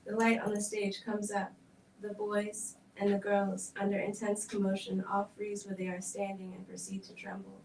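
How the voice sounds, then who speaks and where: A woman's voice: medium pitch, monotone, darkish tone, a little hiss or hum. Woman reading a script in an echoey hall. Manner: measured, level narration. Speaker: reader at a film event. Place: event hall. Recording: echoey room, distant mic.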